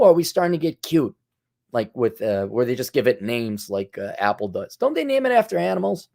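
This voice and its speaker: A man's voice: fairly high pitch, big pitch swings, moderate pace, gravelly. A man hosting a solo commentary monologue, lecturing in a sarcastic, mocking way. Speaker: commentary channel host.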